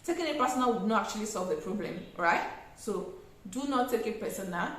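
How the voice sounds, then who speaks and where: A young Nigerian woman with a Nigerian accent giving customer service tips in a casual vlog, animated and acting out exchanges with customers. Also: medium pitch, a little fast, very echoey, poor audio. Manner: animated, acts out customer exchanges, laughs often. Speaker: small business owner giving tips.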